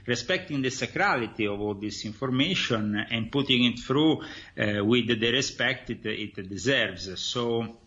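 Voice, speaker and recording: Bright Italian-accented guest on a muffled line. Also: male voice, medium pitch, animated. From Italy. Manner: halting, with many "uh" pauses. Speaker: guest author. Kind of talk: radio interview.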